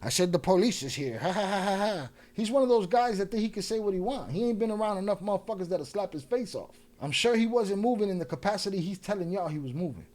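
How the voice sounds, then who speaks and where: Male host, heated reaction commentary, mocking and profane, higher pitch. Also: animated, fast, hardly any pauses, a little mellow. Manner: profane, mocking, talks back at the clip. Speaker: podcast host reacting to clips.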